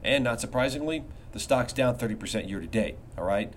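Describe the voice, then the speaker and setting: A man's voice: medium pitch, lively intonation, a little fast, a little hiss or hum. Emphatic middle-aged man hosting a podcast. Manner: emphatic, conversational, asks rhetorical "you know what?". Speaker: podcast host, investment research firm founder. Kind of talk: casual podcast monologue.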